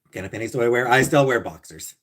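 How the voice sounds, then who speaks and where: A man hosting a casual livestream, reading viewer comments and answering bluntly and profanely, with sarcastic jokes, sometimes muttering low and sometimes ranting loudly. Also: expressive, fast. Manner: blunt and profane, swinging between mutters and loud rants. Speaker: livestream host.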